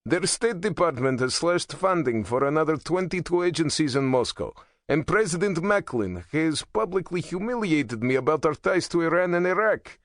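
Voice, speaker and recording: A man's voice: on the high side, lively intonation, normal speed, few pauses, no echo, studio quality, voice pushed up, close to an everyday voice. A man narrating an audiobook voices a bitter, blunt male president who growls his words with venom.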